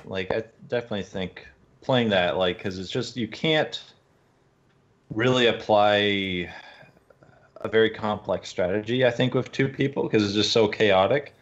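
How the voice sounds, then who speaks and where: A man's voice: lowish voice, unhurried, highs cut off. A man co-hosting a casual podcast chat, loose and profane and full of "like".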